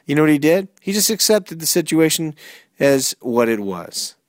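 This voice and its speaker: Energetic middle-aged motivational speaker, man. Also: a little high, moderate pace, dry recording, clean studio sound. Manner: energetic, storytelling, emphatic rhetorical questions. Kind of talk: motivational talk.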